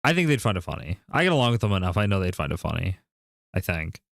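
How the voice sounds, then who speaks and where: A young man from Canada chats on a stream, laughing often and acting out quotes in a storytelling rush. His pitch swings widely and the sound is dry and close, with no room around it. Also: big pitch swings, fast talker, gravelly, no echo. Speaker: vtuber streamer. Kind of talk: casual stream chat.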